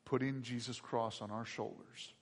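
A man preaching a sermon as pastor, moving between hushed reflection and loud, excited bursts. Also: mid-range voice, normal speed. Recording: long hall reverb.

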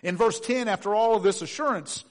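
A middle-aged man preaching a sermon, acting out voices and swinging from loud to hushed. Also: sits high, a little fast. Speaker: pastor.

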